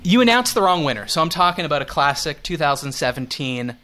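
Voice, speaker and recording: A man's voice: a little high, quick pace, a little hiss or hum. A man from Montreal hosting a podcast, chatting casually and laughing as he sets up his questions. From Montreal, Canada. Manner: animated, laughs while setting up questions. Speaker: podcast host.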